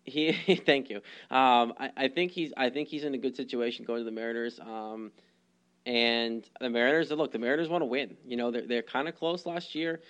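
A man's voice: medium pitch, fairly even intonation, moderate pace, fairly bright tone, smooth. A man co-hosting a casual sports podcast, rambling with lots of ums and restarts. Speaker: podcast co-host.

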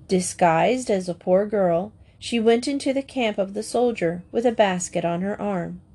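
Woman reading a fairy tale aloud. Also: mid-range voice. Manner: calm, measured, expressive storybook narration. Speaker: storyteller. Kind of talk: storybook reading of fairy tales.

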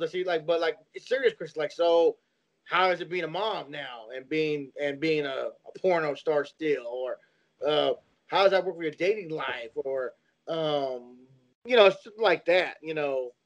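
A man in casual podcast chat, talking haltingly with many fillers. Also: a little high, dull audio.

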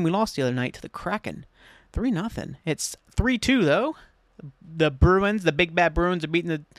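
An American man hosting his own solo podcast, rambling excitedly and swearing freely as he chats. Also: on the high side, dry recording, studio quality. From United States. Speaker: podcast host. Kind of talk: casual solo podcast chat.

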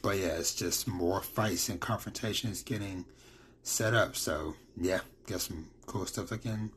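Deep-voiced rambling man recapping manga. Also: measured pace, fairly bright tone, a little hiss or hum. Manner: rambling, lots of fillers and quoted lines. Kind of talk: casual chapter recap.

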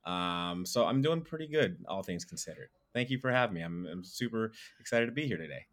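Male podcast guest, bright tone, rambling casual talk. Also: on the low side. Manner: rambling, animated, halting restarts. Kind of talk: casual chat.

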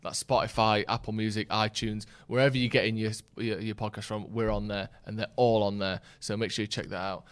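A man's voice: lowish voice, fairly even intonation, brisk, hardly any pauses, smooth. A man hosting a casual football podcast, reading out viewer comments and chatting in a jokey way. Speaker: podcast host.

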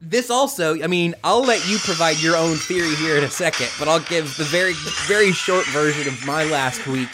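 A man's voice: fairly high pitch, normal speed, hardly any pauses, over loud music. A male podcast host chatting casually over a video call, rambling with fillers and self-deprecating jokes.

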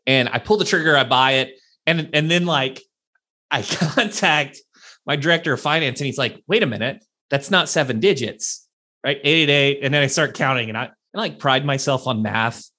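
A man hosting a podcast, chatting and telling stories in an animated way. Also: mid-range voice, normal speed. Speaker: podcast host; CEO, business owner. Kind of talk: conversational podcast interview.

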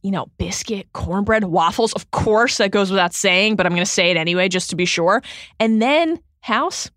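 A woman's voice: medium pitch, normal speed, a bit bright, dry recording, clean studio sound. Chatty, enthusiastic woman guest. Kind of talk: casual chat.

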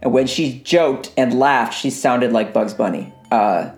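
A man's voice: mid-range voice, a little slow, darkish tone. A man chatting as a podcast guest, rambling and self-deprecating, laughing often. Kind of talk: casual chat. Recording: roomy echo.

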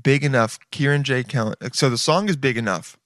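A man in his late twenties reacts to videos with relaxed, swear-heavy commentary, saying "dude" all the time. His medium-pitched voice is a bit bright and a little fast, captured in a dry, studio-quality recording with background music.

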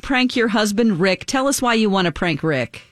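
A woman co-hosting a radio show from a dry studio, bubbly and expressive. Her pitch moves a lot as she chats and sets up a prank call. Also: normal speed, no room sound.

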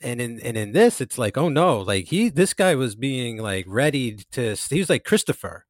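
A man co-hosting a podcast, talking excitedly and swearing freely. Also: medium pitch, normal speed, no echo, clean studio sound. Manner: excitable, profane, animated asides. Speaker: podcast co-host. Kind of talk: casual chat.

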